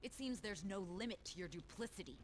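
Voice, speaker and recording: An actress playing a cold, distrustful adult woman in a video game, clipped and sharp. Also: mid-range voice, lively intonation, quick pace, close to an everyday voice. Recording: game audio with music behind.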